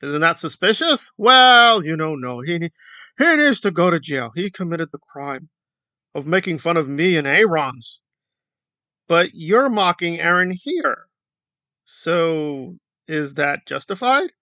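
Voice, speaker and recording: A man's voice: on the high side, lively intonation, measured pace, pushed and bright, dry recording. A man giving sarcastic, mocking commentary on an online video feud. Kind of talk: reaction commentary.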